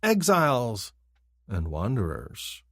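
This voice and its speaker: A man's voice: medium pitch, wildly swooping pitch, takes it slowly, a bit bright, no echo, clean studio sound, pitched above the performer's own voice, heavily acted. A man voicing a creepy male alien exile in a storybook, mocking and sing-song. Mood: leering.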